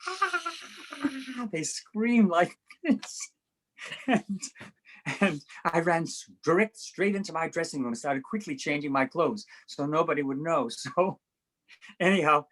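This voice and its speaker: A man's voice: fairly high pitch, unhurried, rough recording. An older man, an interview guest, telling show business stories with frequent laughter and acted-out voices. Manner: animated storyteller, laughs often, acts out voices. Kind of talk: anecdotal storytelling.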